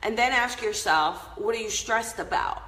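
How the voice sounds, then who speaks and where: A woman's voice: a little high, animated, moderate pace, pushed and bright, echoey room, low-quality recording. A woman hosting a casual live-stream chat, upbeat and chatty, laughing often as she talks to her viewers. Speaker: host of a live inspirational show.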